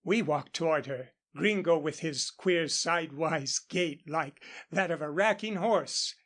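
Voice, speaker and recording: A man reading a classic novel aloud as an audiobook in a steady, even narration. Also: on the high side, measured pace. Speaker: audiobook reader. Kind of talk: scripted narration.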